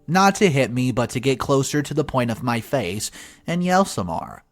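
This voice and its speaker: A man's voice: medium pitch, big pitch swings, moderate pace, soft background music. A man narrating an online family-drama story in a sarcastic, wry tone.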